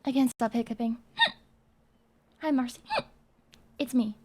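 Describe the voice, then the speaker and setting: A woman's voice: a little high, steady tone, a little slow, mellow. A young woman streaming live, chatting in a hyper, rambling and crude way with her viewers. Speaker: VTuber streamer. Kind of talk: casual live-stream chat.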